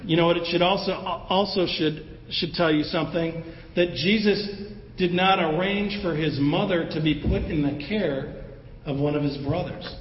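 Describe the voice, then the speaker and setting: A man preaching a sermon in a conversational, animated way, acting out the voices of the people in his story. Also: a little high, moderate pace, slight background noise. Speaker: pastor. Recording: roomy hall with long echo, dull sound, faint ambience.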